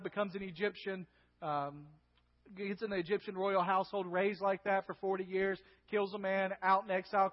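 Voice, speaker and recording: High-voiced pastor in an echoey hall. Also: male voice. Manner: conversational, asking the crowd "right?". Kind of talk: sermon. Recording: dull lo-fi with long hall reverb.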